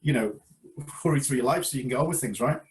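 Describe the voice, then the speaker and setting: A man's voice: medium pitch, fast. A man from England, a karate instructor, telling a story over a beer in a reflective, hesitant way with repeated words. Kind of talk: casual chat over a beer.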